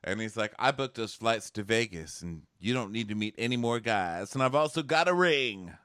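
A man's voice: lowish voice, animated, normal speed, fairly bright tone, dry recording, clean studio sound. A man co-hosting a casual comedic TV recap, playful and campy, acting out quotes from the show. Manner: camp, playful, acts out quotes in big voices. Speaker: podcast co-host.

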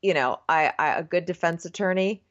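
A woman co-hosting a casual chat about a TV show, wry and expressive, sometimes quoting people in put-on voices. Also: on the low side, a little fast. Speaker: podcast co-host. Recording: dull lo-fi sound.

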